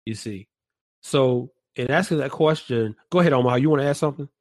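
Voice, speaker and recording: A man talks through an idea in a reflective discussion, slowly building his argument and circling back to rephrase it. His voice sits in a middle register and comes across dry and close, with no room sound around it. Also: mid-range voice, a little mellow, no room sound. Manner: deliberate, restates and rephrases his points.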